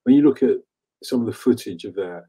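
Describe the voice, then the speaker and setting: Mellow-voiced man telling lively stories. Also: on the low side, brisk, husky. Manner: animated storyteller, laughs easily. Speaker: host. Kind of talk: casual chat.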